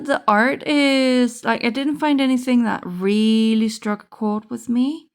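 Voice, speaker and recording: A woman speaks in an unhurried, relaxed way as she sorts through a card pack. Her voice has a noticeable vocal fry. She thinks aloud, trailing off and restarting mid-sentence. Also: fairly high pitch. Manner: musing, thinking aloud with fillers. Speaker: card game vlogger. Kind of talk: casual unboxing chat.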